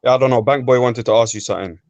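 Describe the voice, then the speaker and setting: A man's voice: medium pitch, racing, darkish tone, no echo, lo-fi sound. A man, laid-back and full of slang, hosting a casual group voice chat.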